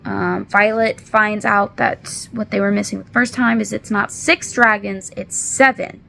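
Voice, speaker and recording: A young woman in her twenties rambles through a book recap, apologizing often and filling her sentences with ums. Her voice is gravelly with vocal fry, and she talks at an unhurried pace, close to tears. A faint hiss sits under the recording. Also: medium pitch, fairly even intonation, pushed and bright. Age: 20s. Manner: chatty and rambling, apologetic, with lots of fillers. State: holding back tears. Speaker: book reviewer. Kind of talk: casual book recap vlog.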